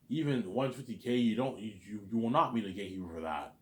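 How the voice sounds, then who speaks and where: A man's voice: on the low side, lively intonation, fast talker, few pauses. A man in a rambling, profane monologue, who often stammers and repeats words. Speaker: vlogger. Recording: echoey room.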